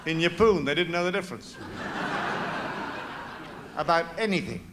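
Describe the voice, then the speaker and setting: A man's voice: high-pitched, unhurried, long pauses, background noise. A man doing stand-up comedy on a theatre stage in a zany, silly way. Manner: zany, jumps between silly voices.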